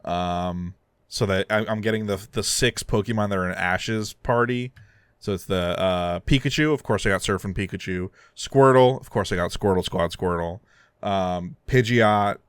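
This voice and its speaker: A man's voice: sits low, moderate pace, clear, resonant tone, dry recording, studio quality. A man co-hosting a casual gaming podcast, rambling and joking as he chats. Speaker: podcast co-host.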